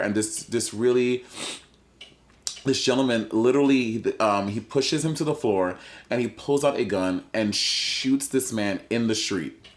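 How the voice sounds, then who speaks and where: A man co-hosting a podcast, talking in an earnest, halting way and repeating himself as he gets emotional. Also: lowish voice. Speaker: podcast co-host.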